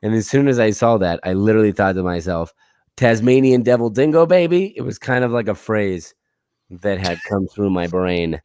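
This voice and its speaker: A man co-hosting a comedy show, bantering in an animated, self-mocking way. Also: sits low, moderate pace, clean tone, dry recording, clean studio sound. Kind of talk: casual comedic chat.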